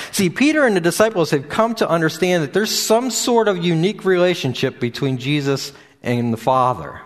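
A man's voice: a little high, expressive, normal speed, hardly any pauses. A man preaching a sermon in a loose, unscripted way, with frequent fillers and restarts. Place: church or meeting room with a screen behind him.

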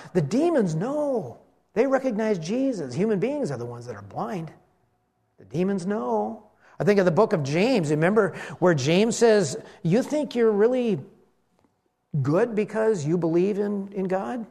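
A male pastor preaching to his congregation, his voice sitting high and leaping up and down in pitch. He throws himself into the story, taking on the voices of its characters as he preaches. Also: normal speed, pauses often, slightly rough. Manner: animated, acts out the voices in the story. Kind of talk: sermon.

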